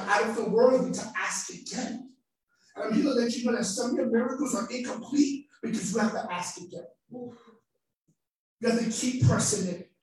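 High-voiced man preaching in an echoey hall. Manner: energetic preaching, rising to shouts and dropping to soft asides. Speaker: pastor. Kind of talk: sermon. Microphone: livestream device away from the speaker. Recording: roomy livestream audio from far off.

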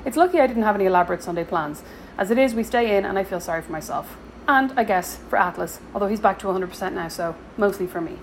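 A woman's voice: mid-range voice, fast, a little hiss or hum, low-quality recording. A woman, reading her weekly spending diary aloud with dry, sarcastic asides and a slight sore throat. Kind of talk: scripted diary narration.

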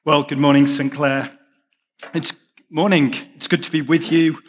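A man's voice: fairly high pitch, little pitch movement, measured pace, in a large hall, a little hiss or hum. A man with an English accent, a pastor preaching a sermon with chatty, self-deprecating asides. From England.

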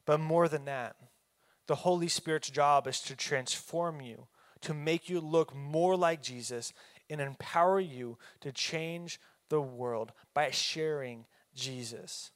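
A man's voice: on the high side, slow pace. A man preaching a sermon as a pastor, folksy and emphatic, with fillers and restarts.

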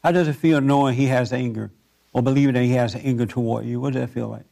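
A man's voice: mid-range voice, steady tone, fast talker, gravelly, warm tone. A man counseling a guest, asking probing questions, repeating her answers back and now and then joking. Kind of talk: probing one-on-one conversation.

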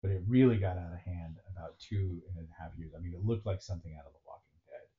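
A man's voice: low-pitched, fast talker. A man co-hosting a podcast, talking casually and sardonically in a rambling way, sometimes slipping into mocking voices. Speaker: podcast co-host. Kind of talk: casual political chat. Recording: dull lo-fi sound with faint noise.

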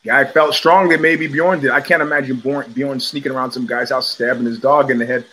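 The show host, an older man with a New York accent, speaks in a mid-range voice that's a little fast. In his casual livestream monologue he tells blunt, swaggering, animated stories, swearing and restarting sentences often.

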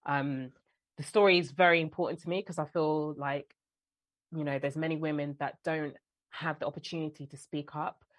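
A young adult woman with a London accent, telling lively stories as a guest in a conversational interview. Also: low voice, moderate pace, dry recording. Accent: London English. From London, England. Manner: animated storyteller, mimics other people. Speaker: guest actress and filmmaker.

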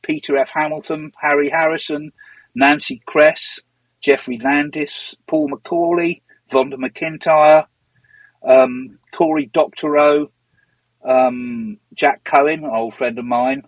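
A middle-aged man telling stories in a casual, rambling way, drifting off on tangents and filling pauses with ums and restarts. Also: fairly high pitch, no room sound, poor audio. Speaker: interview guest, former magazine editor. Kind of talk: casual anecdotal storytelling.

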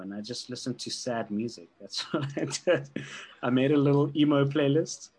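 A man with a husky, slightly breathy voice talks in a relaxed, rambling way. He laughs easily as he chats, sounding like a podcast host on a video call. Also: mid-range voice, a little fast, poor audio. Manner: chatty, laughs often, rambles. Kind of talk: casual chat.

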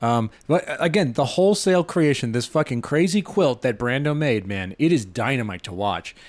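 A man's voice: mid-range voice, expressive, moderate pace. Male guest filmmaker, mid-range voice, enthusiastic and casual, swears freely. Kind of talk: casual film discussion.

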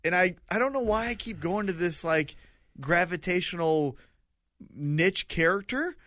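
A man's voice: sits high, expressive, unhurried, a bit bright, no room sound, studio quality. A man co-hosting a casual podcast, giving wry, opinionated takes with some profanity. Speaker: podcast co-host.

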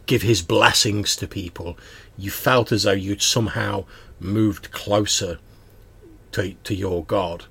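A man's voice: on the low side, fairly even intonation, a little slow, gravelly, a bit bright, husky. A man serving as game master, narrating a tabletop game in a wry, mock-solemn way.

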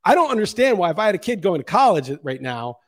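Middle-aged male podcast host, high-pitched, heated and profane solo monologue. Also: sing-song, fast. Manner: impassioned, ranting, profane.

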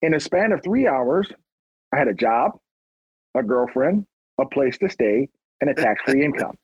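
A man's voice: medium pitch, moderate pace, slightly rough, dry recording, dull audio. A middle-aged man from Long Beach, a police officer telling stories in a casual interview and acting out the people he quotes. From Long Beach, California. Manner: animated storyteller who acts out quotes.

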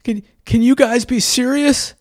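A man's voice: very high voice, fairly even intonation, measured pace, a little mellow, dry recording, clean studio sound, pitched above the performer's own voice. A man reading a story and voicing a frantic, tearful young man who pleads in a raised voice. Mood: panicked.

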